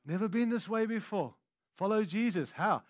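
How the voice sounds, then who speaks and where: Pastor guy preaching, high-ish voice, goes quiet and soft then loud and punchy, chats to the crowd, dry close sound. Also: animated, moderate pace, dry recording. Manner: swings from hushed intimate lows to loud emphatic declarations; conversational asides to the congregation. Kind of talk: sermon.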